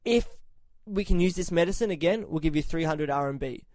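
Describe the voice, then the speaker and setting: A man's voice: a little high, a little fast, no echo. A man from Australia telling a story on a podcast in casual chat, swearing a lot and raising his voice when he quotes himself. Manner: profane, animated, shouts when quoting himself.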